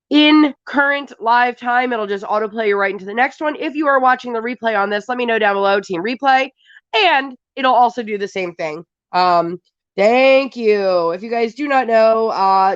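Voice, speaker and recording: A fairly high-voiced woman with a cold chats through a casual live stream from her craft desk, sniffly but upbeat as she greets viewers by name. The audio is close and dry, with a slightly dull, lo-fi edge. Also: smooth, dry recording. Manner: chatty, greets viewers one by one with bursts of excitement.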